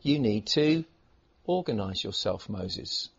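A man voicing a blunt older male adviser who gives brusque, lowered orders within a sermon. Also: lively intonation, slow pace, husky, exaggerated voice. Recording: dull lo-fi recording.

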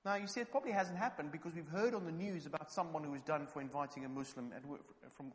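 A man from England preaching a sermon, telling anecdotes and building up to loud, fervent exhortation. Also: fairly high pitch, fast talker, long reverb tail.

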